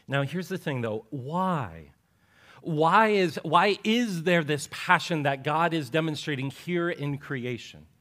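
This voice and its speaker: A man preaching a sermon earnestly, often repeating words and sinking low and soft on key words, with playful asides. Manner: playful asides with joking voices.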